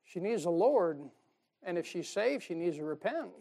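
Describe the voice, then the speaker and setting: In an expressive, gravelly voice that sits high, a man preaches at a moderate pace. He's folksy and emphatic, laughing at his jokes and moving between loud stresses and soft asides.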